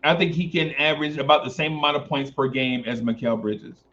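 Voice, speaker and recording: A man's voice: fairly high pitch, steady tone, a little fast, fairly bright tone. A man hosting a casual sports talk stream, reading chat comments aloud and repeating phrases for emphasis. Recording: dull lo-fi stream audio.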